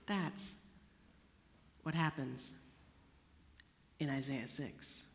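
A woman preaching a sermon, expressive, moving between hushed, slow passages and emphatic ones. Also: very deep voice, vocal fry. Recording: long hall reverb.

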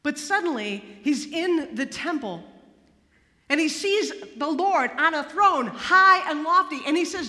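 A woman preaching a sermon, expressive, moving between hushed, slow passages and emphatic ones. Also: high voice. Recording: long hall reverb.

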